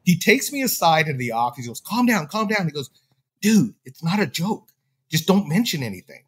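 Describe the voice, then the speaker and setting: A man telling a story in a loose, chatty way. His pitch swings widely as he acts out what each person said, often jumping up high. It sounds like a relaxed podcast conversation. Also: a little fast, breathy edge. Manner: animated, acts out quoted dialogue. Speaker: podcast guest. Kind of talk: casual storytelling.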